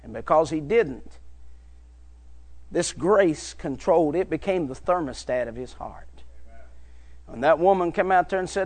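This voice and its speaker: A man preaching a fervent sermon, dropping low and quiet, then building to shouted peaks. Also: expressive, unhurried, long pauses. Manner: swings from hushed low drops to shouted high climaxes.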